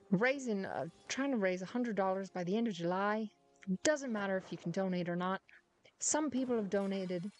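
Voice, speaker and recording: A woman's voice: medium pitch, a little mellow. Woman streamer, put-on Irish accent with an American edge, casual and profane, talking to chat and her cat at home. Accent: put-on Irish, Dublin-ish with a hint of American. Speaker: game streamer. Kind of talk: casual gameplay chat with viewers.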